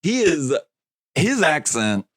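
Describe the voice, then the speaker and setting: A man's voice: fairly high pitch, very animated, slow, fairly bright tone. A man co-hosting a podcast, chatting loosely about a movie, rambling, laughing often and swearing casually. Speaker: podcast co-host. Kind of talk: casual movie review chat.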